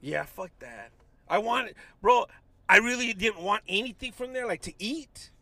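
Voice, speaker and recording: A high, bright-voiced man tells a rambling story. He swears constantly and laughs a lot. The sound is dry and close. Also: expressive, measured pace, no echo. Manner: profane, laughs often, acts out voices in his stories. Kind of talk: casual storytelling chat.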